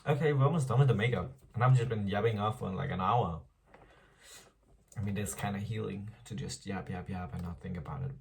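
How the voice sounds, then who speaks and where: A man's voice: lowish voice, brisk, gravelly, a little mellow, far from the mic, a little hiss or hum. A young man chatting casually in a diary vlog while doing his makeup, rambling, self-deprecating and swearing playfully. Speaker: vlogger.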